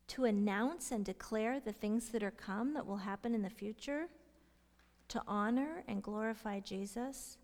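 A middle-aged woman teaching a Bible study, asking her listeners questions and sometimes dropping into soft whispers to stress a point. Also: mid-range voice. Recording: long hall reverb.

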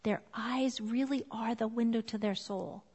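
A middle-aged woman with a somewhat high voice teaches a small group in a conversational, earnest way. She leans on repetition to stress her points. Her voice rings with the long reverb of a hall. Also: steady tone, unhurried, darkish tone, husky. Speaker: parenting class speaker. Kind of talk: informal teaching talk to a group.

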